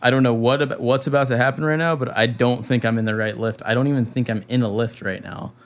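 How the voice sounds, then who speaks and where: A young man, a touring musician, telling a story in casual chat, animated and full of slang and swearing, acting out what people said. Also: medium pitch, quick pace. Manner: animated, heavy slang and swearing, acts out quotes.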